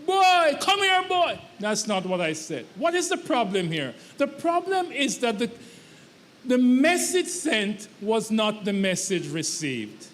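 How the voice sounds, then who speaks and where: High-voiced preacher in a reverberant hall. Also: male voice, very animated, unhurried. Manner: emphatic, repetitive preaching cadence. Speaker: pastor. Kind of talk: sermon. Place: church sanctuary. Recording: long church hall reverb.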